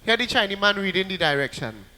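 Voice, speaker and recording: A man with a Trinidadian accent telling jokes on stage, loud and lively, slipping into put-on voices. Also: high voice, quick pace, in a large hall. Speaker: comedian. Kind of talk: stand-up joke telling.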